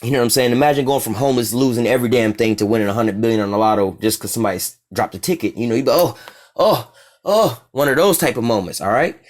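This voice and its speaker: A man teaching from the Bible in a loose, slangy way. He reads the verses slowly and deliberately, then explains them in blunt everyday talk. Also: on the low side. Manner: slangy, street-talk asides between slow verse readings. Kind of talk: informal scripture teaching.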